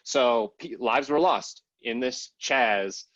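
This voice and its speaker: A man's voice: medium pitch, slow, a bit bright, no room sound. Guy rambling thru a politics chat, lots of um and you know, dry dull sound. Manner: rambling, many fillers and hedges. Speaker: podcast co-host. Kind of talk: casual political discussion.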